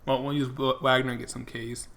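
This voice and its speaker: A young man streams a game and chats as he plays. His voice is bright and clear, and he talks in a loose, rambling way, with many fillers and restarts. He stays casual throughout. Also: mid-range voice, flat delivery, a little fast. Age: young adult. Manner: rambling, filler-heavy, chatty. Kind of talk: casual commentary while gaming.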